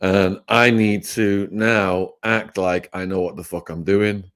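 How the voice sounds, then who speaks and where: Lively English man telling prison stories. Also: deep voice, takes it slowly, clean tone. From England. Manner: animated, laughing storyteller. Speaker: guest. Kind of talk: storytelling interview.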